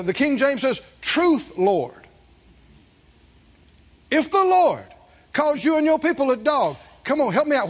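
Husky-voiced preacher swinging hushed to loud. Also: male voice, very high-pitched, lo-fi sound. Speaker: pastor. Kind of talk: sermon.

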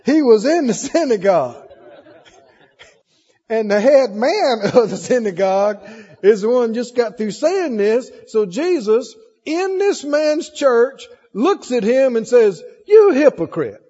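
A man preaches in a high, lively voice, its tone mellow and slightly husky, reading scripture and asking his congregation questions. He sounds like an old, dull sermon tape recorded in a church with a long reverb. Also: takes it slowly. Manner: animated preaching, reads scripture aloud, asks the congregation questions. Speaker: pastor.

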